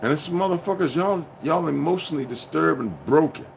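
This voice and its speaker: A man hosting a casual livestream, rambling and profane, dropping from low muttering to loud outbursts. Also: expressive, brisk, gravelly, slight background noise. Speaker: livestream host.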